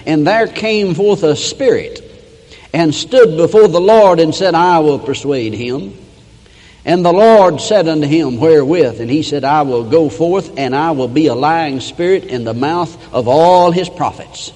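A man preaching a sermon, reading old scripture verses aloud and breaking in with plain explanations, rising and slowing down for emphasis. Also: a little high, a little mellow, big-room sound. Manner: reads King James verses, then breaks in with plain asides; rises and slows for emphasis, acts out quoted voices.

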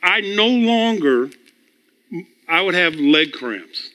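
Bright-voiced man preaching with chuckles. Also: high-pitched, lively intonation, slow pace. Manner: chuckles often, repeats words as he builds a point; storytelling, teaching tone. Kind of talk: conversational sermon.

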